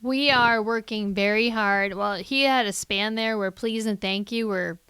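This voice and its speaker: Woman podcast host, middle-aged, candid and self-mocking, crisp tone, dry close sound. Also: medium pitch, unhurried, a bit bright, no room sound. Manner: frank, self-deprecating, laughs at herself. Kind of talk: casual chat.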